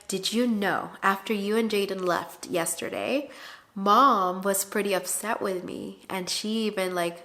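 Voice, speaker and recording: A woman vlogger talking casually to her viewers. She speaks at a mid pitch and keeps up a chatty, animated flow, full of fillers and acted-out quotes. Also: unhurried. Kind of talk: casual storytelling to camera.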